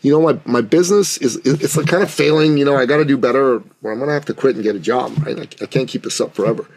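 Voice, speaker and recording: A man retelling the words of a struggling young fitness coach, voicing him as halting and stammering. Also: medium pitch, creaky, a little mellow, poor audio. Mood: worried.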